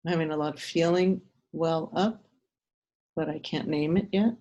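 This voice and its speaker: A woman taking part in a training exercise over a video call. She speaks tenderly and haltingly, pausing as she shares her feelings. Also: sits low, steady tone, dark tone, lo-fi sound. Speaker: workshop participant. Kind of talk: slow, heartfelt sharing in a training exercise.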